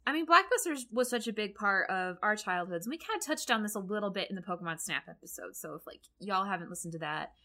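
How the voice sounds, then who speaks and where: A woman's voice: medium pitch, fast, hardly any pauses. A young woman co-hosting a podcast, chatting casually and eagerly with lots of "like" and "um". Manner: animated, gushing comic-book fan with many fillers. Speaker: podcast co-host. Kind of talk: casual chat.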